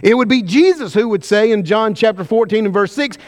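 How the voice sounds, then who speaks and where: Emphatic preacher in a reverberant hall. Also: male voice, high voice, animated, moderate pace, hardly any pauses. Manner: emphatic, questioning the congregation, varying pace widely. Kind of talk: sermon.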